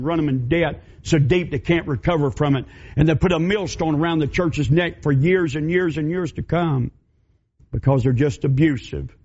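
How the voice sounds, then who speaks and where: A man preaching a sermon in a high voice. He tells stories in a folksy way and builds to fiery warnings. The recording is dull and lo-fi. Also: darkish tone, breathy edge. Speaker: pastor.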